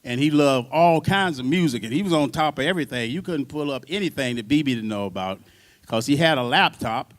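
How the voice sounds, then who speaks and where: Brief: male drummer, panel storyteller, loose and animated. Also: mid-range voice, fairly quick. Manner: lively anecdotes, laughs, acts out voices. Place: university symposium.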